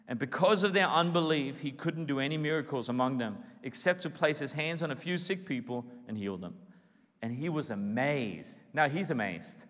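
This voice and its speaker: A male pastor preaching a sermon in an animated way, acting out the voices of people in his stories. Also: fairly high pitch, moderate pace. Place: large church hall. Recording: reverberant church hall.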